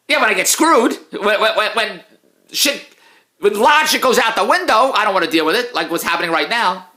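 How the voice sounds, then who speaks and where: A middle-aged man in a casual, self-mocking rant, swinging between low mutters and loud outbursts. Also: animated, a little fast. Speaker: vlogger, TV producer. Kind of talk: casual ranting monologue.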